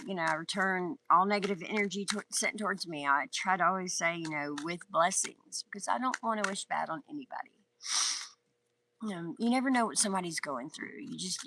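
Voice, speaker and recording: A woman's voice: on the low side, bright, forceful tone, poor audio. A woman from North Georgia gives a casual, rambling live tarot reading outdoors in the wind, laughing often. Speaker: tarot reader.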